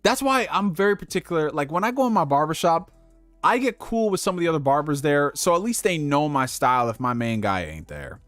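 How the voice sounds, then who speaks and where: A man's voice: on the high side, very animated, fairly quick, fairly bright tone, no room sound, soft background music. Laid-back, profane young male streamer. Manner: loose and profane, laughs at his own slips; talks directly to viewers with slang. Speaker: livestream host giving dating advice. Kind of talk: casual livestream chat.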